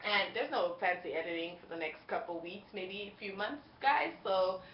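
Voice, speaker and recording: A woman's voice: medium pitch, moderate pace, a little hiss or hum. A woman from Jamaica hosting a podcast in a casual, rambling chat, giggling and dropping plenty of fillers. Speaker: podcast host. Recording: roomy, dull lo-fi home recording.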